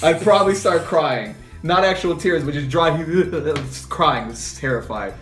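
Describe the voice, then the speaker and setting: Brief: animated male co-host, casual chat, somewhat high voice, distant echoey room recording. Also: unhurried, faint music behind. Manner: animated, acts out scenes in put-on voices.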